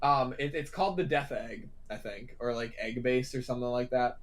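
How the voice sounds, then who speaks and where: A man's voice: medium pitch, fairly quick. A young man co-hosting a casual movie chat podcast, rambling and swearing freely. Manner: rambling, swears freely, does silly voices. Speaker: podcast co-host.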